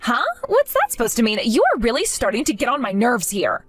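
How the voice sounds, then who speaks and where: A woman's voice: a little high, wildly swooping pitch, brisk, dry recording, soft background music. A woman voicing a smug, condescending young sister-in-law who belittles others in a narrated story. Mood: irritated. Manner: mocking and belittling. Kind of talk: narrated story role-play.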